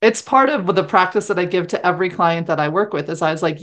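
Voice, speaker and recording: A woman's voice: fairly low pitch, fast talker, fairly bright tone. A woman hosting a casual podcast conversation, affirming her guest and reflecting on coaching practice.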